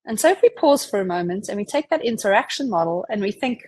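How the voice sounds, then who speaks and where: A woman giving a conversational webinar presentation, chatty and relaxed, who often says "you know" and acts out example dialogues. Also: medium pitch, fast talker, breathy edge, low-quality recording.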